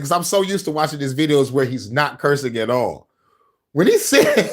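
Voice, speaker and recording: A man talking over a video he is reacting to, loud and excitable and quick to laugh. He swears freely and talks in a casual, rowdy way. His voice sits somewhat high for a man.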